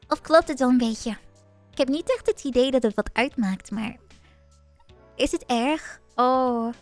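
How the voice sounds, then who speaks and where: A young woman with a Dutch accent, a native Dutch speaker, streaming and chatting casually with viewers, giggly and playful. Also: high-pitched. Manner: giggly, playful, chatty, reading chat aloud. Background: faint background music.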